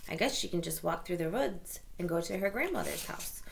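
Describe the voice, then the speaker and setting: A woman reading a picture book aloud to children, playful and expressive, with chatty asides. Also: fairly low pitch, fairly quick, creaky.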